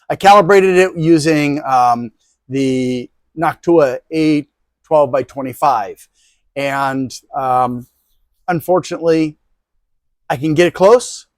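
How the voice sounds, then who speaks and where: A man's voice: fairly high pitch, darkish tone, no echo. A man hosting a tech video, walking through test results in a loose, rambling way with many ums and restarts. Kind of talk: casual product review.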